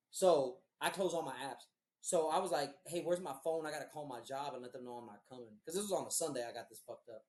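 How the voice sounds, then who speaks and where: A man spins a wild personal story in a loose, cursing, animated podcast style. He laughs as he goes, and his voice carries a roomy echo. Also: on the high side. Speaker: podcast host telling a story. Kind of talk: casual storytelling.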